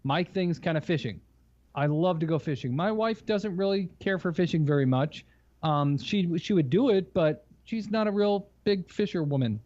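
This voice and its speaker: A man's voice: sits high, animated, moderate pace, a little mellow, no room sound. A man co-hosting a podcast, chatting casually and telling rambling stories with teasing jokes. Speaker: podcast co-host. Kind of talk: casual chat. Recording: slightly dull, lo-fi mic.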